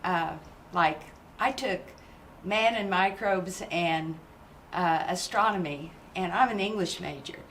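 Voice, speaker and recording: A woman's voice: lowish voice, takes it slowly, fairly bright tone, a little hiss or hum. An older woman giving a numbered advice speech, rambling and losing count, with many "uh"s.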